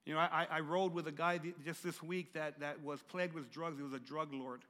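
A middle-aged man preaches a sermon with a stutter, repeating words as he pushes through them. His voice sits high and bright, dropping to near-whispers and rising to loud, emphatic calls. A long reverb from a large church hall trails each phrase. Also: fairly even intonation, fairly quick. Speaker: pastor.

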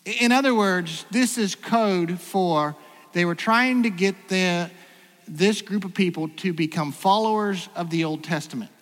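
A man's voice: high voice, unhurried, fairly bright tone, long reverb tail, low-quality recording. A man preaching a sermon in a conversational way, full of rhetorical questions and restarts. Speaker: pastor.

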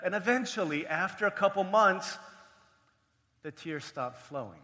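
A male pastor with a bright, forceful voice tells a story from the pulpit, slipping into playful voices for the people he quotes. His voice rings out with a long church reverb behind it. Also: high voice, animated, unhurried. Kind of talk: sermon with personal story.

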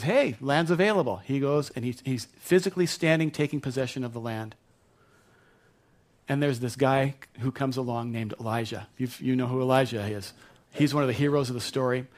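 A man preaching a sermon, retelling a Bible story in a conversational way with asides to the congregation. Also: mid-range voice. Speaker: pastor.

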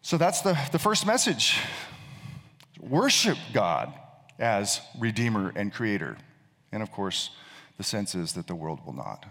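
A man's voice: fairly low pitch, big pitch swings, unhurried, long pauses, bright, forceful tone. A male pastor preaching a sermon, telling a story and often repeating words as he thinks. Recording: long reverb of a large hall.

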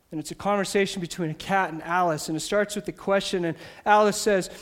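Guy preaching a sermon, high voice, gets loud then drops real quiet. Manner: animated, rising loud for emphasis then dropping soft. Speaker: pastor.

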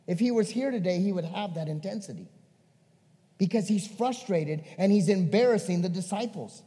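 A male pastor preaching a sermon, swinging between emphatic and hushed. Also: sits high, moderate pace, long reverb tail.

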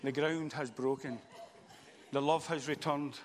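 A man preaching a sermon in church, swinging from loud, impassioned calls to quiet, confiding stories. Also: a little high, steady tone, a little slow, big-room sound, noisy background.

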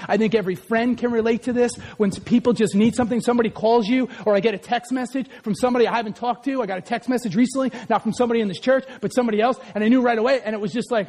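Man, 40s, pastor, very high voice, animated preaching, bursts of shouting. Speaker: pastor who also teaches school. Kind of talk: sermon.

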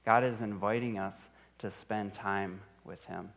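Pastor, male, thirties, earnest sermon delivery, repeats lines, somewhat low, dull recording. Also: steady tone, a little slow, vocal fry, a bit bright. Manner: earnest, repeats phrases for emphasis.

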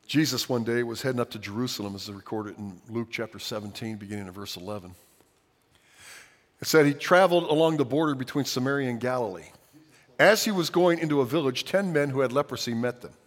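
A man preaching a sermon as pastor, swinging from hushed lines to loud, dramatic outbursts. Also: mid-range voice, quick pace. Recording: long hall reverb.

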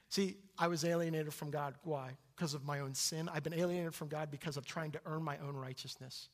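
Man preaching, young adult, husky voice, fairly high pitch, loud high outbursts and soft low asides. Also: fairly even intonation, fairly quick, few pauses. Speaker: pastor. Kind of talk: sermon.

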